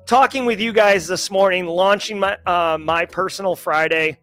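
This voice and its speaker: A man's voice: high voice, normal speed, sharp tone, faint music behind. A middle-aged man with a mild Massachusetts accent, hosting a cybersecurity livestream and chatting loosely and jokily with viewers. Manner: jokey and loose, lots of "like" and restarts. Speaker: host of a daily cybersecurity news livestream. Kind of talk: casual livestream chat with viewers.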